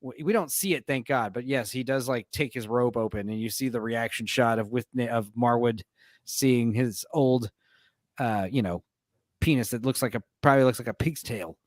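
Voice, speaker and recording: A man's voice: medium pitch, normal speed, no room sound, clean studio sound. A man hosting a casual movie discussion stream, rambling and laughing often as he retells scenes. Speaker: stream host.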